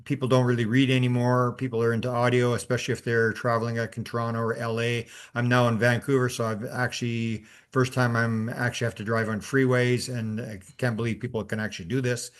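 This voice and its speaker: A man's voice: mid-range voice, little pitch movement, fast, few pauses, clean tone. A man hosting an interview, talking casually with many hesitations and fillers. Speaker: host.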